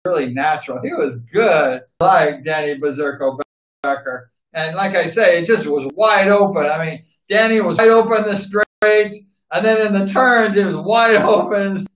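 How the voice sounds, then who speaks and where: A man's voice: high-pitched, a bit bright. A man reminiscing about a speedway rider, rambling and repeating himself with enthusiasm. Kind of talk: casual spoken tribute. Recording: roomy, dull lo-fi recording.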